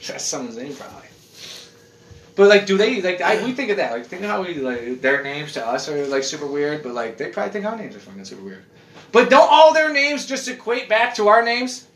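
Animated high-voiced man, echoey room. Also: a little fast. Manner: rambling, animated, swearing, laughing. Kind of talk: casual chat.

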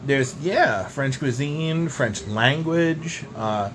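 Deadpan rambling young man. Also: medium pitch, extremely slow, slight background noise. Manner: deadpan rambling, tall tales. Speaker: podcast co-host. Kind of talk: absurd comedic banter.

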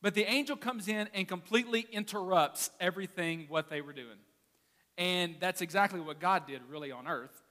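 A pastor preaches in a casual, animated style, telling stories to his congregation. His voice sits high and rings bright. The sound carries the long echo of a large sanctuary. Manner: animated, conversational preaching with storytelling. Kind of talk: sermon. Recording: reverberant hall.

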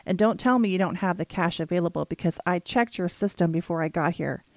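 A gleeful masked woman robber, put on by the narrator, snarling threats and boasting. The voice stays low and is recorded very dry and close. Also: fairly quick, a little mellow, no echo, natural voice.

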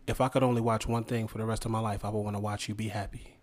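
A man's voice: lowish voice, level tone, very fast. A man co-hosting a podcast in casual banter, laid-back, reading out the discussion questions. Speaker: podcast co-host.

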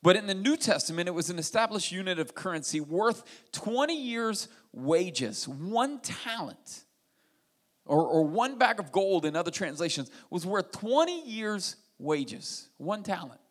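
Guy preaching, kinda high voice, animated, acts out the story lines as he goes. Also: unhurried. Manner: animated preaching, retells scripture with lively dialogue and asides. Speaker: pastor. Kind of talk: sermon.

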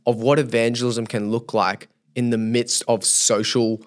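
As a guest on a podcast, a young youth leader narrates a story at normal speed in a mid-range voice. He keeps it animated, playing out his own thoughts along the way.

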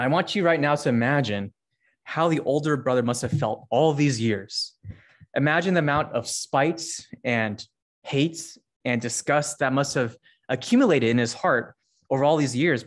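A young man giving a casual, conversational sermon, reading scripture and acting out the characters with lively jumps in pitch. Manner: conversational, many fillers, acts out characters with rising pitch. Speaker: preacher.

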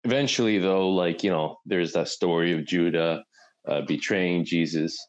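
Low-voiced man; loose, rambling conversational storyteller. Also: normal speed, highs cut off. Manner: rambling retelling, full of "like" and "right?". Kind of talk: casual conversation.

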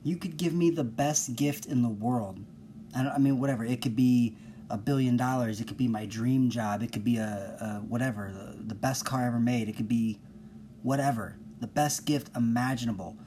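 A man hosting a casual solo podcast, rambling and self-mocking, low-key with bursts of exasperated ranting. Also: normal speed, warm tone, a little hiss or hum.

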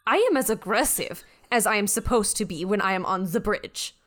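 A woman's voice: mid-range voice, brisk, fairly bright tone, natural voice. A woman voicing a haughty female ship computer in a tabletop game, boastful and openly threatening. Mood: imperious.

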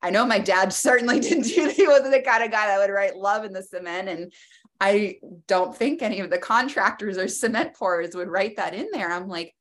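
A woman's voice: mid-range voice, fairly quick. A woman guest in an interview, telling a personal story in a reflective way, with loose phrasing and many fillers.

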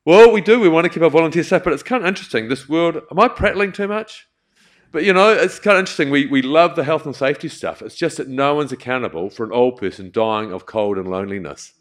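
A man's voice: on the high side, animated, quick pace. A man with a New Zealand accent giving a rambling, chatty talk about community work, full of asides. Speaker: community charity speaker. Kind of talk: storytelling talk to an audience.

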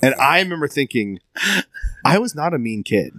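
A man's voice: mid-range voice, moderate pace, no room sound. Laughing man telling stories, dry sound. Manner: animated storyteller, laughs often. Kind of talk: casual storytelling chat.

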